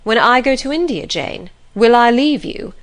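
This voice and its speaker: A woman reading the lines of a stern, cold young male clergyman in a grave, measured, reproving manner. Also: fairly high pitch, animated, voice pushed up, close to an everyday voice. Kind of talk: audiobook reading.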